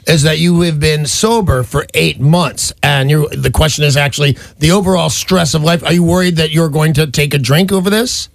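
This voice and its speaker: Blunt radio host man, gravelly, dry. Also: fairly high pitch, moderate pace, few pauses, no echo. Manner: frank, blunt, calls the caller buddy. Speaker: radio host giving advice. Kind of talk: call-in radio advice. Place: radio studio. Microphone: studio microphone.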